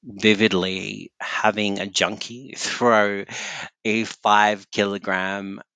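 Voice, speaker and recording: Slow, gravelly man. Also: on the low side, flat delivery, sharp tone, no echo. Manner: candid and blunt, swears freely. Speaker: podcast guest. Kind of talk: casual conversation.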